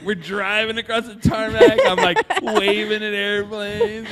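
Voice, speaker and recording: A man telling a rambling story in casual, animated fashion, swearing freely and acting out the other people's lines, recorded live in a brewery room. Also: sits high, moderate pace, creaky, hardly any pauses, in a large hall, crowd noise. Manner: animated, swears freely, acts out quoted voices. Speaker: podcast co-host telling a story.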